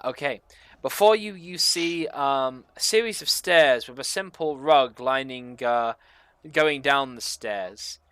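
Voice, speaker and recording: Bright, clean-voiced game master. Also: mid-range voice, slow, clear, resonant tone, no echo. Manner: loose, filler-heavy description. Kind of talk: narrating a tabletop game.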